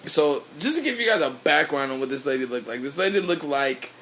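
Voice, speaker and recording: A man's voice: fairly high pitch, expressive, a little fast, a bit bright, a little hiss or hum. A young man, a podcast co-host, telling a loose, rambling story in casual chat, swearing freely.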